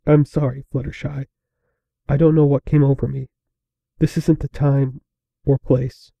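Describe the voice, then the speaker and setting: A man doing Celestia, calm regal princess. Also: mid-range voice, measured pace, vocal fry, no echo, muffled recording. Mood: subdued. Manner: calm, formal. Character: ancient, regal, composed female princess.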